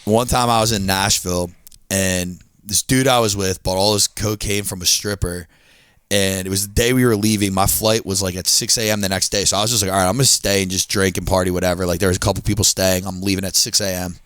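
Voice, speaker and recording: Guy with a lowish voice rambling thru a party story, cursing, dry close mic. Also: fairly even intonation, fast talker, a bit bright, smooth, dry recording. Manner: rambling, laughs a lot, swears. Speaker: podcast guest. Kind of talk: casual chat.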